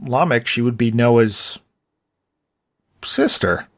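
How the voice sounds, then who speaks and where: A man's voice: medium pitch, lively intonation, takes it slowly. A man co-hosting a podcast in casual chat, rambling and thinking aloud with restarts. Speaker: podcast co-host.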